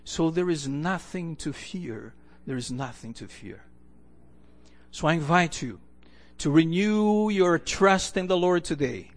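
A male pastor preaching a sermon in a church, earnest, repeating key phrases for emphasis and letting the ends of lines fall to a hush. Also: on the high side, expressive, measured pace.

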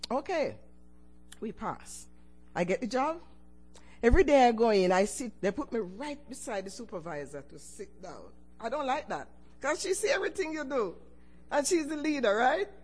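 An older woman giving a personal testimony to her church, telling it with lively swings in pitch and loudness and chuckles between phrases. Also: breathy edge. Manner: animated storytelling with sudden swings in pitch and loudness.

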